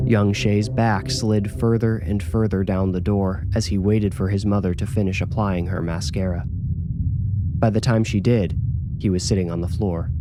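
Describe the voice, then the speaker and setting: A man narrating a scripted horror story in a measured, calm way. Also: on the low side. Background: music.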